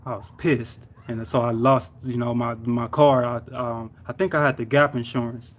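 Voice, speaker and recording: A man's voice: mid-range voice, flat delivery, moderate pace. A young man on a live stream, telling a story in a rambling, slangy way, full of sound words and fillers. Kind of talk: casual storytelling vent. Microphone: live stream mic.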